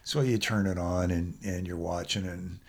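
A man, a musician guest, chatting on a podcast and telling animated stories about recording. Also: deep voice, normal speed. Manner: animated storyteller, acts out quoted voices. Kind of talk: casual podcast conversation.

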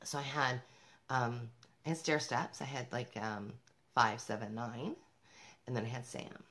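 Low-voiced emphatic mom vlogger. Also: female voice, steady tone, a little slow, fairly bright tone. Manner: upbeat, emphatic, addresses viewers directly; laughs between points. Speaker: parenting vlogger, mother. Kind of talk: motivational talk to camera.

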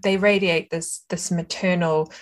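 A woman's voice: fairly low pitch, fairly even intonation, a little slow. A woman hosting an interview, asking thoughtful questions with hesitant restarts. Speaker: podcast host. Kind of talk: casual interview chat.

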